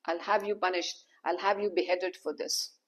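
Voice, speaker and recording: A woman voicing a proud young princess, quick to anger and suspicious, in a husky voice. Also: fairly low pitch, steady tone, lightly acted, rough recording. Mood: furious.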